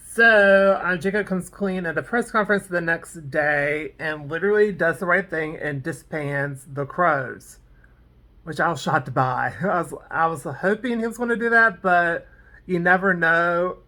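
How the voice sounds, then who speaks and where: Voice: mid-range voice, bright, forceful tone. A vlogger casually recapping a TV episode, rambling off on tangents with lots of "like" and "um". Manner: fillers like "like" and "um". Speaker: TV episode reviewer.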